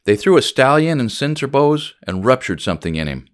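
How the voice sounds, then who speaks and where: A man reading the part of a calm, firm older blacksmith who gives steady commands. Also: mid-range voice, brisk, pitched above the performer's own voice, natural voice.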